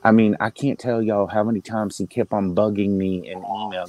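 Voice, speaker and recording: A man with a fairly low voice speaks in an emotional, halting way, with frequent restarts, as he pays tribute in a casual online panel chat. The sound is dry and close, with little room echo. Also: level tone, a little mellow.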